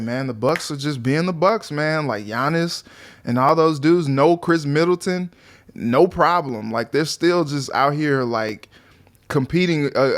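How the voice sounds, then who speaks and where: A young man co-hosts a sports talk show in a relaxed, animated way, slipping into little quoted voices for the players. His voice sits a bit higher than most men's. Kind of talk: casual sports chat.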